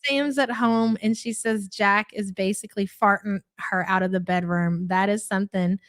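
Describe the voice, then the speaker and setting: A woman's voice: mid-range voice, steady tone, moderate pace, dry recording. A woman from Kentucky with a Louisville accent, hosting a live reaction stream and reading out chat messages in a blunt, chatty way. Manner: chatty, blunt, swears casually.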